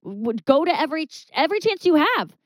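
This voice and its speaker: Animated woman comedian telling a story. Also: fast, no echo, poor audio. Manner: animated, jumps high when quoting herself and others, swears, stammers. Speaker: comedian guest. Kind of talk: candid talk-show storytelling.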